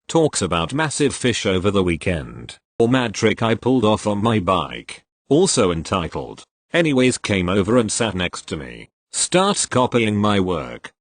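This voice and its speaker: A man reading online posts aloud in a steady, even scripted narration. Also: fairly low pitch, dry recording.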